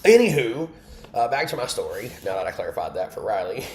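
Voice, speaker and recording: Man, lowish voice, candid emotional testimony, asides to chat, echoey room, faint background hum. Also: very animated, fairly quick, creaky. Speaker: host of an online Bible study. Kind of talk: personal testimony on a livestream.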